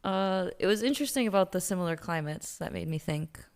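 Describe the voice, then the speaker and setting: A woman on a wine panel speaking casually and thoughtfully, pausing often with ums. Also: fairly low pitch, expressive. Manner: thoughtful, pauses with many ums.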